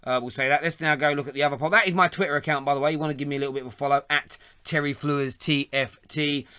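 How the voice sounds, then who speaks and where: A man's voice: a little high, fairly even intonation, quick pace, bright, forceful tone, smooth, no room sound, clean studio sound. A man, hosting a live football phone-in, chatty and laughing often. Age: 30s. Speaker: phone-in host. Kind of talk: casual live show chat.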